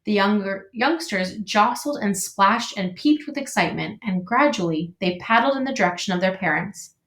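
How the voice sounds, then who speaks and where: A teacher reading a children's book aloud in an expressive, measured way. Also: female voice, medium pitch. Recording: echoey room.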